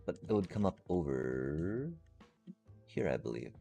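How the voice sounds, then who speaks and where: A man's voice: rumbling low, big pitch swings, a little slow, gravelly, warm tone, soft background music. A man streaming a game live, chatting casually and playfully to his viewers in a rambling way. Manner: rambling and playful, addresses chat.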